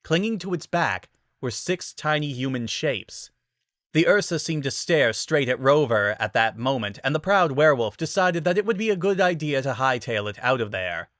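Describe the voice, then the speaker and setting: A narrator giving a dramatic reading of a fantasy fan story, with expressive storytelling. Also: mid-range voice, moderate pace, no room sound, studio quality.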